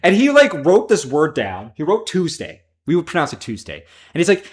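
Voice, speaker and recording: A man's voice: on the high side, wildly swooping pitch, brisk, a bit bright. A man from Chicago hosting a casual gaming livestream, swearing freely and drifting into tangents. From Chicago, American Midwest. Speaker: livestream host.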